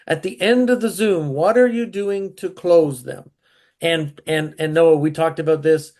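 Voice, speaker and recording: A man's voice: a little high, steady tone, measured pace, darkish tone. A man hosting an interview, asking guiding questions about closing sales. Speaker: host.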